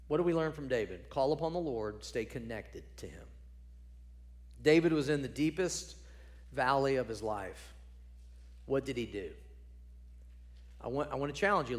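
A man preaching a sermon, building to loud emphatic peaks and dropping to quiet, low points. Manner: drops to low quiet tones on key points.

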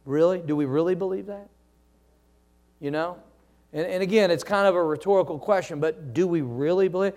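A man preaching a sermon as a pastor, reading scripture aloud and asking the congregation to answer back, often dropping to soft, slow phrases. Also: high-pitched. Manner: preaching with call-and-response questions to the congregation.

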